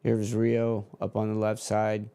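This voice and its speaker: A man calling a football match live as a fan. He shifts between flat calm and loud, swearing outbursts of frustration. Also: fairly low pitch, unhurried, clear, resonant tone. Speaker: fan commentator on a match watch-along. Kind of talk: live play-by-play commentary.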